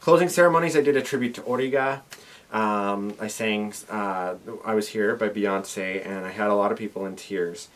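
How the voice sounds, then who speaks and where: A man's voice: on the low side, normal speed, slight background noise. A young man from Canada chatting casually in a video diary, rambling with lots of fillers, his voice a little worn. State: voice slightly worn. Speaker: convention organizer vlogging. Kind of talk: casual chat.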